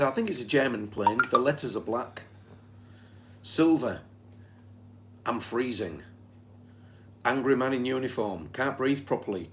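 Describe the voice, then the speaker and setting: A man from Britain in casual chat, reading back notes from a session in a conversational way. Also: medium pitch. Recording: faint background noise.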